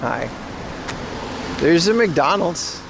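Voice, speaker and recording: A man's voice: fairly high pitch, expressive, very slow, vocal fry, noisy background. A man casually chatting with his livestream viewers while walking outdoors, loose and slangy. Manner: loose slangy banter, reads chat. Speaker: IRL livestreamer. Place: outdoors on city streets.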